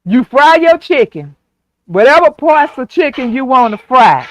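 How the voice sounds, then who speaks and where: A man's voice: very high-pitched, big pitch swings, measured pace, dry recording. A man hosting a casual stream chat, folksy and talking people through a recipe step by step. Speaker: show host.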